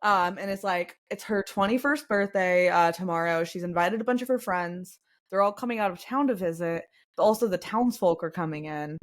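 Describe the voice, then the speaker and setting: A woman's voice: on the low side, moderate pace. A young woman narrating as game master, rambling with many fillers and giggles.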